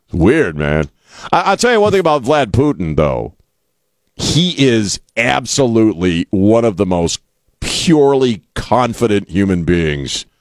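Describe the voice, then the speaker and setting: A male talk radio host riffing in a blunt, joking, loose way from a radio studio. His voice sits fairly low but swings up and down a lot. The sound is dry and close. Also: no room sound. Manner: blunt, joking, rambling with restarts.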